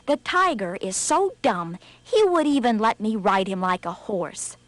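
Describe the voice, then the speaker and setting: A woman's voice: mid-range voice, sing-song, unhurried, no room sound. A woman voicing a tricky, boastful male rabbit in a storybook game.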